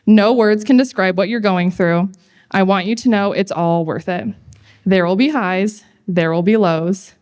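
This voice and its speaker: A young woman giving a heartfelt wedding toast to her big sister, speaking in measured, read-out phrases. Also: mid-range voice, darkish tone.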